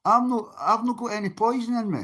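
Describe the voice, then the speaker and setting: A man's voice: very high voice, fast talker, bright, forceful tone. A Scottish man on a livestream, talking bluntly and swearing often as he answers people in his chat.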